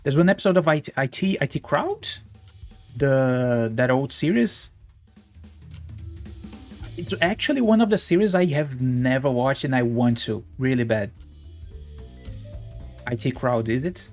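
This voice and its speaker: Speaking at a measured pace with long pauses, a man with a mid-range, slightly mellow voice streams a game live, chatting and reading in a casual, self-deprecating way. He stumbles over his words at a desk microphone while faint music plays behind him.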